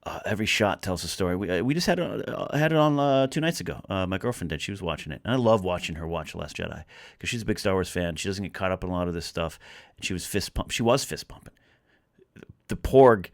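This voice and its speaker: A man's voice: low-pitched, expressive, quick pace, gravelly, dry recording, clean studio sound. A man on a podcast as a guest, talking casually and animatedly, rambling with lots of restarts. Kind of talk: casual chat.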